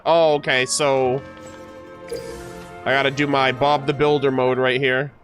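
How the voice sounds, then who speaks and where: Brief: male streamer, unhurried delivery, slightly high voice, jokey and excitable reactions over faint game music. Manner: excitable, jokey, talks to chat. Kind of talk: casual gameplay reaction commentary.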